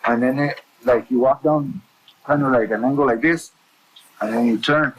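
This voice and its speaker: A man's voice: medium pitch, moderate pace, slightly rough, rough recording. A man being questioned who talks in a hedging, rambling way with many fillers. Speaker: suspect in questioning. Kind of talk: casual talk, archive footage.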